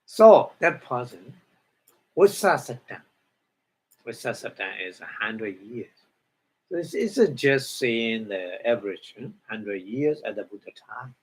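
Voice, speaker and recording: Male meditation teacher, mid-pitch, slow and halting, repeats terms, explaining word by word. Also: expressive, husky. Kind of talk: dharma lecture.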